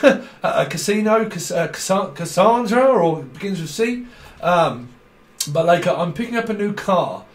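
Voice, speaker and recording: A man's voice: sits high, expressive, moderate pace, echoey room. A man giving a casual tarot reading, playful and rambling, breaking into laughs often. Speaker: tarot reader.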